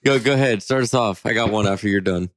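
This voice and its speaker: A man's voice: fairly low pitch, quick pace, no room sound. A man co-hosting a casual podcast, joking and wry in his remarks. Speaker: podcast co-host. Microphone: podcast mic.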